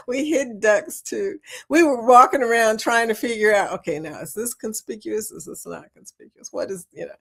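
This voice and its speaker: Woman host, mid-pitched voice, chatty and quick to laugh while reading comments on a live chat. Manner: chatty, laughs often, keeps saying y'all. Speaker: livestream host. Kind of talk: casual livestream chat, reading viewer comments.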